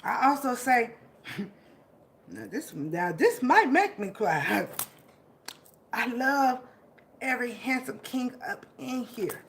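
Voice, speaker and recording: A woman's voice: fairly high pitch, sing-song, slow, long pauses, a little hiss or hum. A woman vlogger giving an emotional, motivational monologue, laughing often and swearing as she hypes up her listeners.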